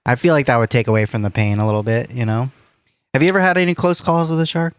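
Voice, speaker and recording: A man's voice: medium pitch, quick pace, clean tone, no echo. A young man rambling through a casual podcast story, swearing a lot and laughing often. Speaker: podcast co-host. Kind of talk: casual chat.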